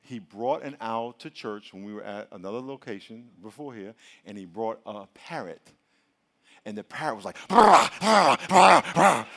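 A man preaching a sermon as pastor, telling a joking story and then leading a hushed, earnest prayer. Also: on the low side, moderate pace.

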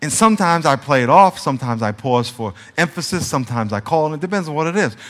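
A male pastor preaching a conversational sermon, shifting between soft, confiding passages and emphatic peaks. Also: a little high, animated, fast talker. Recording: reverberant church hall sound.

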